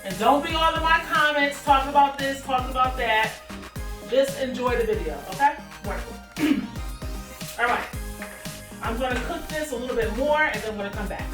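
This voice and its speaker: High-voiced woman chatting in an echoey kitchen. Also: normal speed. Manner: chatty, playful, talks straight to viewers. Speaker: cooking vlogger. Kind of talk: casual cooking chat. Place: home kitchen. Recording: echoey kitchen, mic at a distance, music behind.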